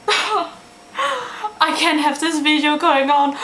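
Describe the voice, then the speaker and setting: A woman's voice: sits high, animated, takes it slowly, fairly bright tone, echoey room, a little hiss or hum. A hyper, giggly woman chatting playfully in a silly casual vlog. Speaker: vlogger.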